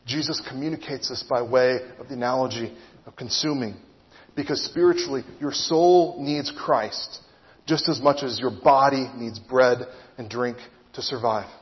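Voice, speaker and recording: A man's voice: mid-range voice, moderate pace, long reverb tail, lo-fi sound. A man preaching a sermon, earnest and teaching, often posing rhetorical questions to his listeners.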